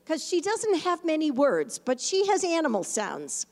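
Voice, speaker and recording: A woman pastor telling a story in a sermon, animated at times and hushed and reflective at others. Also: high-pitched, normal speed, hardly any pauses, in a large hall.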